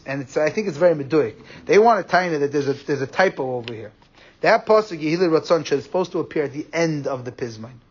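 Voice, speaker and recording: A man teaching a Torah class, explaining quickly and animatedly, with Hebrew and Yiddish terms in his English. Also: a little high, slightly rough. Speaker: rabbi giving a class. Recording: muffled lo-fi recording.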